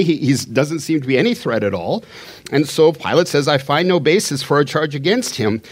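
A man preaching a sermon, teaching a Bible passage in a conversational way and paraphrasing the dialogue as he goes. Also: mid-range voice.

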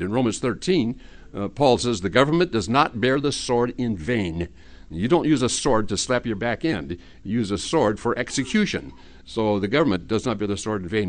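A male pastor delivers a sermon in a folksy, joking way, often stopping and starting mid-sentence with fillers. His voice moves lively up and down through the talk. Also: medium pitch.

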